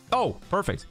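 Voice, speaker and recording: A man's voice: sits high, vocal fry, fairly bright tone. Chatty male streamer over faint music. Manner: chatty, thinks aloud, reads chat and laughs easily. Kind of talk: casual gameplay commentary.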